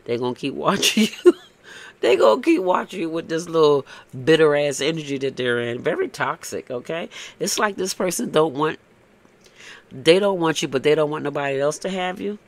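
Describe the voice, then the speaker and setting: Creaky-voiced man giving a tarot reading. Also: fairly high pitch, sing-song, moderate pace. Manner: casual, blunt, peppered with "okay?" and cursing. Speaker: tarot reader.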